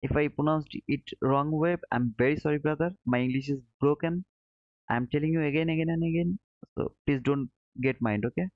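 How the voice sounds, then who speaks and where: A man with a voice on the high side talks briskly while hosting a live trading stream. Friendly and thinking aloud as he charts, he reads the chat and calls viewers "brother." The recording is dry, dull and lo-fi with no echo.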